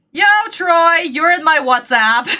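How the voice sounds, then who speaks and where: A woman hosting a reaction video, talking casually into her microphone at home, excitable and exclamatory, then rambling apologies. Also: very high-pitched. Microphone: desk microphone.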